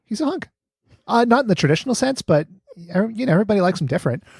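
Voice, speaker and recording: A man's voice: high-pitched, very animated, rapid-fire, creaky, breathy edge, no room sound, studio quality. A man co-hosting a podcast, chatting casually, rambling and joking, swearing freely. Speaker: podcast co-host. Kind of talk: casual chat.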